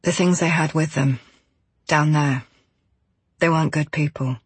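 A woman reading an audiobook, voicing a terse, shaken adult male diver who answers in flat, clipped replies. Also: low-pitched, measured pace, slightly rough, no echo, full character voice. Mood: grim. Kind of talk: audiobook character voice.

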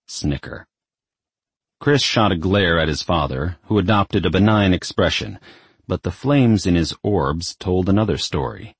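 A man narrating an audiobook with expressive storytelling. His voice is very deep and husky, with a lively rise and fall, recorded dry and close. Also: unhurried, dry recording.

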